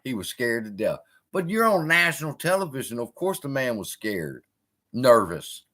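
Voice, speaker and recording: Animated, profane male live-stream host. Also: medium pitch, normal speed. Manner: profane, animated, heckling chat.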